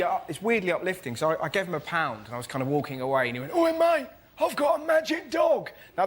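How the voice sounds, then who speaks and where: A man doing a stand-up comedy routine on a panel show, switching into shouted put-on voices. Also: on the high side. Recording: loud audience laughter and noise.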